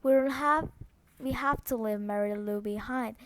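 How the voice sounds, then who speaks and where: A woman's voice: fairly high pitch, normal speed, fairly bright tone, dry recording, natural voice. A woman with Korean as her first language voicing a frightened young schoolteacher who talks in an urgent, pleading way, read aloud from a storybook.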